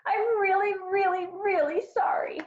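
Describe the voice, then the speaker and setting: A woman voicing a small girl who wails a high, tearful apology. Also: fairly even intonation, measured pace, echoey room, far from the mic, dull audio, slight background noise. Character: small sorry little girl.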